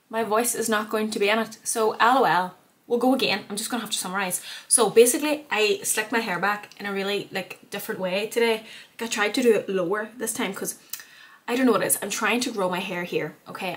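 A woman's voice: medium pitch, fairly quick. A young woman, chatting to her phone camera in her bedroom, rambling and poking fun at herself. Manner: chatty, self-mocking, rambling. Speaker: vlogger. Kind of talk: casual vlog chat to camera. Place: bedroom at home.

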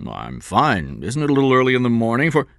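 A man's voice: mid-range voice, wildly swooping pitch, a little fast, gravelly, a bit bright, no room sound, clean studio sound, pitched above the performer's own voice, heavily acted. A man reading aloud and voicing a smug, condescending middle-aged company boss.

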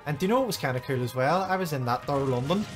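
A man's voice: on the high side, lively intonation, rapid-fire. A young Irish man chatting casually with a friend while gaming, joking and swearing freely. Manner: joking, swears freely, breaks into silly put-on accents. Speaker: gamer. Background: game music.

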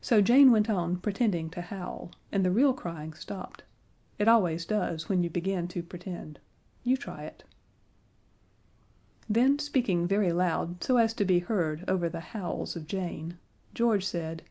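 A woman narrating a children's fantasy audiobook in a gentle, measured way. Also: fairly low pitch. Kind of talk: scripted storybook narration.

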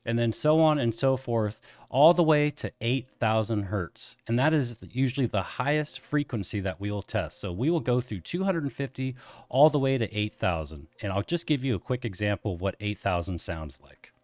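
A man's voice: medium pitch, lively intonation, moderate pace, a little mellow, no echo. A middle-aged man hosting an explainer video, teaching in plain, friendly layman's terms. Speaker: host explaining hearing tests.

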